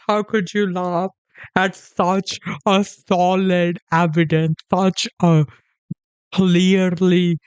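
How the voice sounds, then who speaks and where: A man's voice: sits high, level tone, very slow, clean tone, no echo. A man doing sarcastic reaction commentary, mocking fear and repeatedly breaking into laughter, swearing often. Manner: sarcastic mock terror, keeps breaking into laughter. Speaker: streamer reacting to videos. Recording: slightly dull lo-fi audio.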